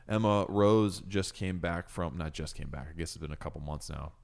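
A man with a lowish voice co-hosting a podcast. He chats casually and jokes around, slipping into silly accents. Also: little pitch movement, moderate pace, creaky, darkish tone. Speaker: podcast co-host.

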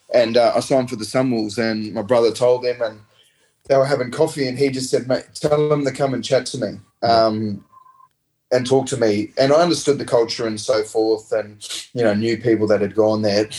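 An Australian man, a former rugby player, telling relaxed, rambling anecdotes in a casual interview. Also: fairly low pitch, poor audio. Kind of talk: casual storytelling.

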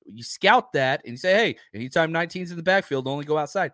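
Man, live stream host, casual chat, slightly high voice, dry sound, animated, repeats himself. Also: fast, no room sound. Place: home.

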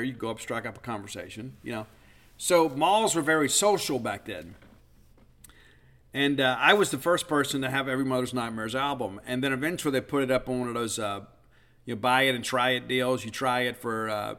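A man's voice: medium pitch, fairly bright tone. A man in his fifties hosting a podcast, telling a rambling, self-deprecating story full of fillers. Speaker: podcast host. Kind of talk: casual storytelling monologue.

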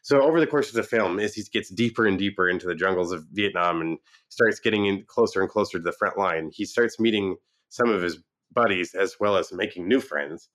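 A man casually reviewing a movie, retelling the plot with lively acted-out quotes and frequent restarts. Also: low-pitched, brisk. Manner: animated retelling, acts out quoted lines. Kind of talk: casual film review chat.

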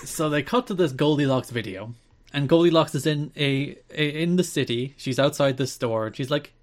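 A man in relaxed podcast chat, telling the story of a TV segment step by step. His voice sits at an ordinary middle pitch. He laughs often as he goes. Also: moderate pace. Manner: recaps events at length, laughing often. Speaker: podcast co-host. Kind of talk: casual chat.

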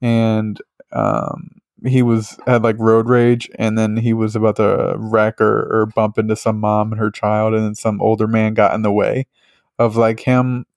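Male host, lowish voice, rambling casual chat full of fillers and swearing, dry sound. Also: vocal fry, darkish tone, no echo. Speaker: podcast host.

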